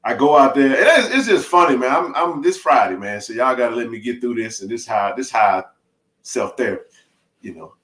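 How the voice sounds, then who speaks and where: A middle-aged man, telling a rambling, animated story on a live stream, full of restarts and laughs. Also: mid-range voice, a little fast. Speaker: live-stream sports chat host. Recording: roomy echo.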